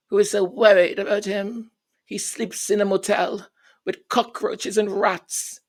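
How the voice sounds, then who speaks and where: A woman's voice: medium pitch, little pitch movement, unhurried, a little mellow. A woman giving an opinionated commentary rant, scornful and emphatic, repeating and tripping over her words. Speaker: royal commentary vlogger.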